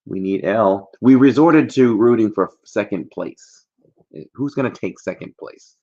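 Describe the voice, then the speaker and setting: A man's voice: on the low side, a little slow, a little mellow, lo-fi sound. A man hosting a casual trivia livestream, chatty and jokey, rambling between questions.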